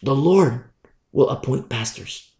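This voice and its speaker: A man's voice: medium pitch, lively intonation, takes it slowly, mellow. A man preaching a sermon emphatically, driving points home with repetition. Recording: echoey room.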